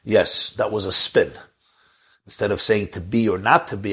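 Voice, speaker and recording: A man's voice: on the low side, steady tone, moderate pace, a bit bright, slightly rough. A man who is a rabbi, teaching a Torah class and answering questions in an earnest way, repeating his key phrases and chuckling now and then.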